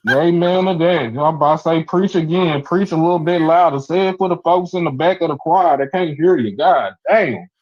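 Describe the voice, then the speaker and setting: A man loudly egging on the speakers and handing over turns on a live stream. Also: fairly high pitch, normal speed, dry recording. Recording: dull, distant lo-fi stream audio.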